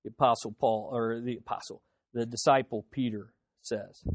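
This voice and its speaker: A man preaching a sermon as pastor, swinging between loud emphatic peaks and quiet low phrases, repeating words for emphasis. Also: fairly even intonation, moderate pace, no room sound, clean studio sound. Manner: preaching with wide swings in loudness and pitch.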